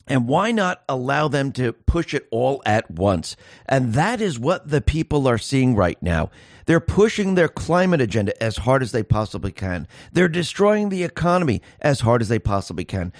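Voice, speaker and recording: Hosting a political commentary monologue, this man speaks with emphasis, rattling off rhetorical questions and impersonating ordinary people. His pitch is medium, and the studio sound is clean with no echo.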